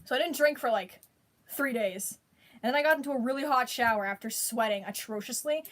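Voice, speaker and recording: A woman with a voice a little above the usual pitch tells a story straight to camera. She rambles, drops slang, restarts her sentences and keeps breaking into laughter as she goes. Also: brisk, fairly bright tone. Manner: breaks into laughter while telling it. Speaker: vlogger. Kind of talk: casual storytelling.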